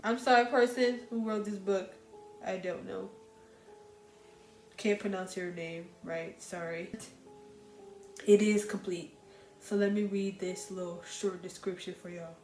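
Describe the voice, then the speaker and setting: A woman's voice: medium pitch, slow, pauses often. Chatty woman, echoey room. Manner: chatty and animated, addresses viewers as "y'all". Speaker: book reviewer. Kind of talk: casual book recommendation chat. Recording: echoey room with faint music.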